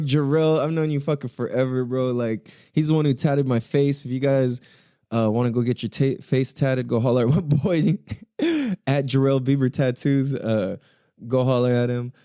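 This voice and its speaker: A man's voice: mid-range voice, mellow, smooth, dry recording, studio quality. A man hosting a podcast on his own, rambling in a casual, profane way, with frequent laughs. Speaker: podcast host. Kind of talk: casual solo podcast monologue.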